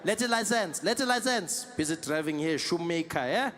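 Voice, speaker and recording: A man's voice: fairly high pitch, animated, normal speed, fairly bright tone. Guy doing a brusque traffic cop, short clipped words. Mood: curt. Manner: curt, clipped, bargaining. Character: brusque South African traffic cop, male.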